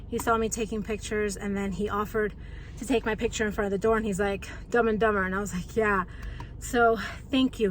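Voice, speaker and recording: A woman vlogging outdoors on a phone camera, chatty and excited, often laughing. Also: mid-range voice, a little hiss or hum. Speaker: travel vlogger. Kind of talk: casual vlog narration. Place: outdoors at a house and its grounds.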